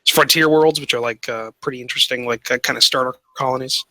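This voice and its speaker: A man running a tabletop role-playing game, explaining options in a halting way with many fillers. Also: mid-range voice, steady tone, bright, forceful tone, dry recording, rough recording. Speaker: game master.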